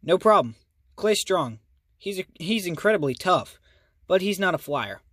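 A man's voice: high voice, big pitch swings, moderate pace, fairly bright tone, breathy edge, no room sound, clean studio sound, voice pushed up, heavily acted. A man reading the part of a confident, teasing boy with superpowers. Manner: teasing, upbeat delivery. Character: cocky super-strong flying boy, grinning and confident.

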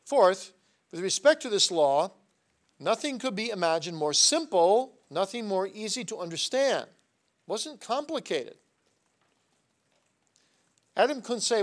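A man lecturing at a seminary, telling stories animatedly and swinging between soft asides and loud, emphatic points. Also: sits high, sing-song, measured pace, pauses often. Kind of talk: classroom lecture.

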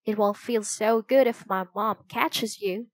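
A woman's voice: medium pitch, unhurried, no room sound, natural voice. A woman reading as a cheerful young boy.

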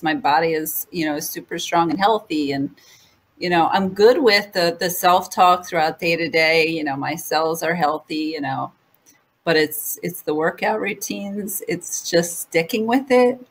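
Low-voiced woman hosting a chat. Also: slightly rough. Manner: hesitant, with many "you know"s and restarts. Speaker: talk show host. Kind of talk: casual interview talk.

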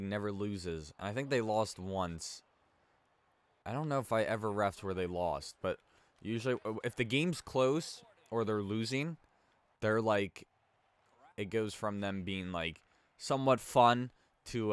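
While playing hockey in a let's-play video, a young man rambles through stories, leaning heavily on "like" and occasionally bursting out when he messes up. He speaks at a normal speed in a lowish, fairly bright voice.

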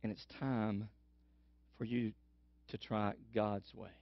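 A male pastor preaches in an animated storytelling way, repeating phrases for emphasis. The recording is dry and dull, with a lo-fi sound. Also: lowish voice, slow, gravelly, dry recording. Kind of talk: sermon.

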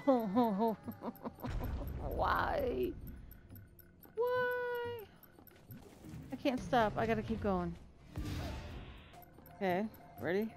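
A young woman talks through her gameplay with a fairly high, very lively voice. She swings between muttering and frustrated yelling, swearing often. Faint game music plays under her. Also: extremely slow, long pauses. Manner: frustrated, swearing, pitch jumping into yells. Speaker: gaming video creator. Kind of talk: gameplay commentary.

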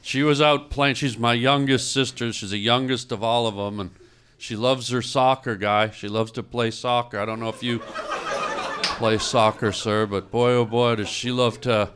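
A man's voice: mid-range voice, normal speed. A man doing improvised stand-up in a club, telling an absurd tragic story with mock grief and snapping at the audience now and then. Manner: deadpan mock-grief storytelling, mock-angry outbursts at the crowd. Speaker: stand-up comedian. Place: comedy club stage with a laughing audience.

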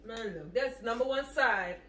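A woman's voice: fairly high pitch, animated, a little slow, sharp tone. A young woman with a Caribbean English accent, teasing and giggly in a casual couple vlog at home. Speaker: vlogger. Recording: roomy, mic at a distance.

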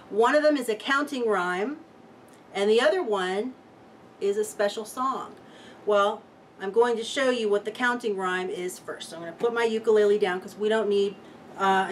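A woman's voice: medium pitch, a little hiss or hum. A woman teaching a children's music lesson, playful and cheerful, chanting rhymes for young listeners.

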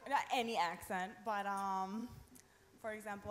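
A giggly young woman answers on a pageant stage in an offhand manner. Her voice is fairly high, with faint background noise. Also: unhurried, fairly bright tone. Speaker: pageant contestant, actress.

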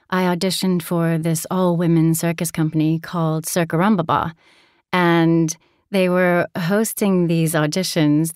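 A low-pitched woman from Alaska speaks with an American accent that has drifted toward transatlantic. Her voice is smooth and clear, and she is recorded dry and close. She talks in a chatty, storytelling way. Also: darkish tone, no echo. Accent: American with a transatlantic tinge. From Alaska, USA. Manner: chatty, laughs often, storytelling. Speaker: audiobook narrator guest. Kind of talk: interview conversation.

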